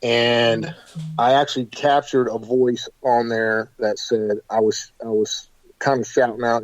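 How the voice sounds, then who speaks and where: A man being interviewed about paranormal investigations, telling stories in an animated, hesitant way full of fillers. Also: mid-range voice, unhurried, no room sound, dull audio. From United States. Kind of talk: casual interview storytelling.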